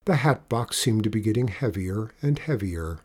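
A man narrating a children's storybook aloud in a gentle, measured way. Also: lowish voice, expressive, husky. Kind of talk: storybook reading.

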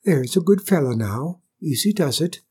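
A man's voice: fairly high pitch, animated, moderate pace, mellow, slightly rough, voice pushed up. A man voicing a kindly young boy, speaking. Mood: coaxing. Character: kindly Irish boy, gentle and eager.

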